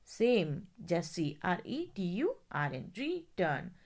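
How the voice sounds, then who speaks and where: A woman's voice: fairly low pitch, big pitch swings, takes it slowly, darkish tone. A woman teacher, explaining step by step, spelling words out letter by letter and often checking whether the class follows. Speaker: English teacher. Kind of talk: classroom grammar lesson.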